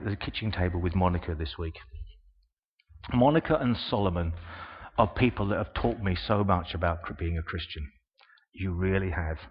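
An older man preaching a sermon, telling stories in a lively way and acting out the voices he quotes. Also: lowish voice, slightly rough. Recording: dull sound in a long-reverb hall.

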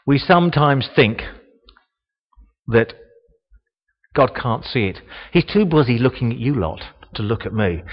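Man preaching in an echoey hall. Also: slightly rough. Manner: slow, reflective, rises in pitch and volume on quoted speech. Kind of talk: sermon, Bible reading with commentary. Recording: dull, long reverb of a church hall.

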